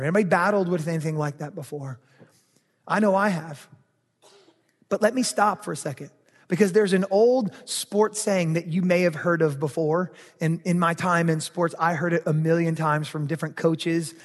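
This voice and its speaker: A male pastor with a high-pitched voice delivers a sermon in a church sanctuary. He speaks conversationally, questioning the congregation and playing out their private thoughts aloud. His words trail off into the long reverb of a large hall. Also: normal speed.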